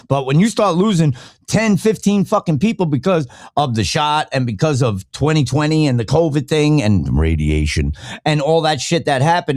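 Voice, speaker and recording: A fired-up man rants on his live podcast, swearing constantly and calling names out to his chat. His voice sits a little high and leaps all over the place. The sound is dry and close. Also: dry recording. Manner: angry, profane, blunt ranting; greets live chat viewers. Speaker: podcast host. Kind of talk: livestream rant.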